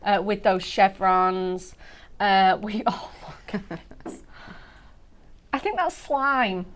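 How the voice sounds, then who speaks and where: Speaking slowly with a medium-pitched voice, a craft TV presenter bubbles over the products she demos, gasping and heaping on praise like "so cute".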